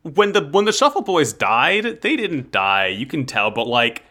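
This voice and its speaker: A man with a bright, forward voice at a middle pitch, chatting casually on a podcast. He narrates the plot, throws in jokes, and swears freely. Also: very animated, a little slow. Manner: joking, profane, narrates plot. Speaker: podcast co-host. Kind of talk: casual chat recapping an anime.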